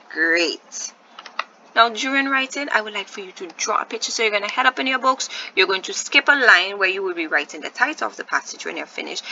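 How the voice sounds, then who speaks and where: Bright, gravelly-voiced woman teacher. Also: mid-range voice, muffled recording, a little hiss or hum. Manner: patient, drawn-out syllable sounding, encouraging. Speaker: grade one teacher. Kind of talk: online video lesson for young children.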